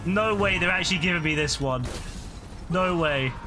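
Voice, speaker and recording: A man's voice: high voice, normal speed. A tired man streaming a game, talking to himself and the game in a frustrated, exclaiming way, his voice starting to break. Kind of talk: live gameplay commentary. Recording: clear game noise behind the voice.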